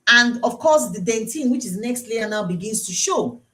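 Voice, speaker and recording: A woman's voice: a little high, expressive, moderate pace, fairly bright tone. A Nigerian woman dentist hosting a live-streamed health talk, chatty and teasing, who repeats her key points for emphasis. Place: dental clinic.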